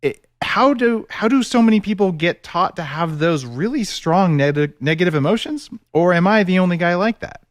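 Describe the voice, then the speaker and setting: A man's voice: high voice, expressive, normal speed, few pauses, dry recording, studio quality. A man hosting a podcast interview, talking reflectively and candidly about his own experience. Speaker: podcast host. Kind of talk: conversational interview.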